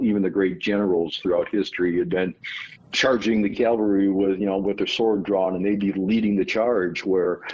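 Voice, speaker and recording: Husky, low-voiced man explaining at length. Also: darkish tone, low-quality recording. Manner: measured, explanatory storytelling. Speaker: guest author. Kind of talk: conversational interview.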